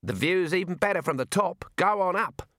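A man voicing a cheerful elderly wizard leader in a high, lilting, drawn-out voice. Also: animated, a bit bright, no room sound, clean studio sound. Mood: breezy.

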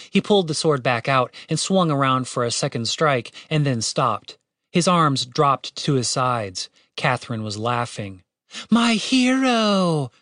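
A man narrating a fantasy audiobook in a steady, wry storytelling way, with casual swearing. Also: medium pitch, no echo, clean studio sound.

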